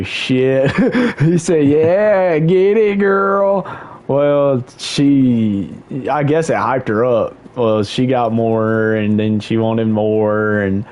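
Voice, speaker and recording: Animated young man telling a story. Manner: animated, swearing, slangy, jumps up in pitch for quoted voices. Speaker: livestream host. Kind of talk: casual storytelling chat.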